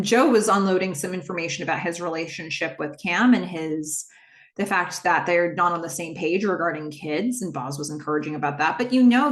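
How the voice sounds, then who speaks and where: A woman hosting a podcast, casually retelling a TV episode scene by scene and quoting the characters' lines with lively jumps in her voice. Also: fairly low pitch, roomy sound. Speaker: podcast host recapping a TV episode. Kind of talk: casual solo recap narration.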